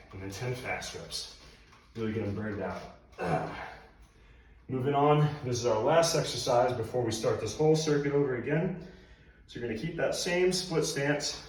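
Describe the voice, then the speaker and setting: A man's voice: mid-range voice, distant mic, slight background noise. A male personal trainer giving workout instructions while he demonstrates the moves, out of breath. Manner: coaching cues while demonstrating exercises. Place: room at home. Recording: very echoey room, voice off-mic.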